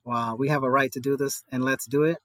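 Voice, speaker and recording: An earnest man, speaking in an interview at a middle pitch. His voice is recorded close and dry, with no room sound. He talks with many fillers and often checks in with "right?". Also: fairly even intonation, brisk, a bit bright, no room sound. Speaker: guest, cannabis store worker organizing a union. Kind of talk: conversational interview.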